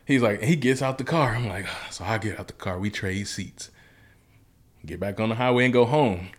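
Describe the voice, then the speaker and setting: A man's voice: lowish voice, moderate pace. A man from Memphis, earnestly telling a personal story as an interview guest in a casual, vivid way. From Memphis, Tennessee. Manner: earnest, colloquial, vivid retelling.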